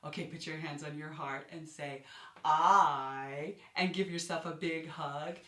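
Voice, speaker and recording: A woman's voice: sits low, a little slow. A woman teaching a ballet class for young children, counting beats and cheering them on with lots of gasps. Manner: animated, gasping, cheerful counting for small children. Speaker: kids' dance teacher. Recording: roomy echo, distant mic, faint music.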